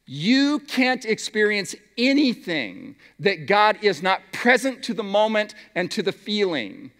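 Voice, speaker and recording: Animated preacher man, lively high voice. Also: measured pace, hardly any pauses, long reverb tail. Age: middle-aged. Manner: animated, rhetorical questions to the audience; drops to a soft hush for emphasis. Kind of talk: sermon. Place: large meeting hall.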